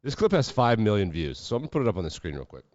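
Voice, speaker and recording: A man's voice: fairly low pitch, sing-song, racing, a little mellow, no echo, lo-fi sound. A man hosting a sports podcast, talking casually with sarcastic, profane asides. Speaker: podcast host.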